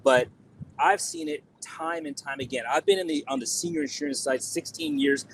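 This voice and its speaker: A man with a fairly high voice makes his case as a podcast guest, emphatic and persuasive, driving each point home. His talk is lively, with a faint hiss behind it. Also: moderate pace, poor audio. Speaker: podcast guest, insurance software expert. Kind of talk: casual podcast interview.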